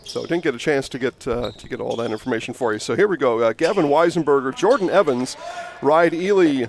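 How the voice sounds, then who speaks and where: A man doing play-by-play for a high school basketball game, chatty and prone to rambling, opinionated asides, speaking from a gym broadcast booth. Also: brisk. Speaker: play-by-play announcer. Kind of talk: sports commentary. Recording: noisy gym audio with ball bouncing.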